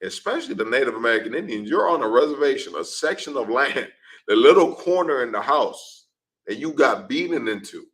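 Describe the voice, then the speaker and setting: A man's voice: mid-range voice, big pitch swings, fairly quick, a bit bright, rough recording. A man preaching in a street-talk class, emphatic and repetitive, often ending lines with "man". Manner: emphatic, repeats "man", acts out scenes. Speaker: class speaker.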